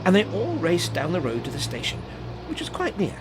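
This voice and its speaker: An expressive narrator reads a children's storybook aloud, the pitch rising and falling a lot. A steady hiss sits beneath the recording. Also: brisk. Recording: hissy home recording.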